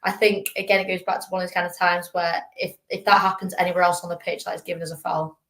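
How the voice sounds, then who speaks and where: A woman's voice: fairly low pitch, little pitch movement, quick pace, a bit bright. A woman on a fan panel, talking football casually and hesitantly, with lots of fillers. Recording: echoey room.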